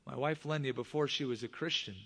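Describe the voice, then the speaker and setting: A middle-aged male pastor preaching a sermon, with animated rises in voice and sudden hushed drops. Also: mid-range voice, brisk. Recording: long reverb of a large hall.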